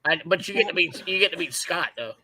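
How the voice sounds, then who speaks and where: A man joining a podcast as a guest, chatting in a jokey, animated way. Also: fairly high pitch, fast talker, slightly rough, no echo, low-quality recording. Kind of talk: casual podcast chat.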